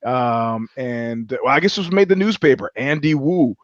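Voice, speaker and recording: A man's voice: medium pitch, lively intonation, normal speed, dry recording, muffled recording. A man co-hosting a podcast, telling rambling anecdotes in casual chat, swearing freely and acting out the quotes. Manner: rambling storyteller, swears often, acts out quotes. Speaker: podcast co-host.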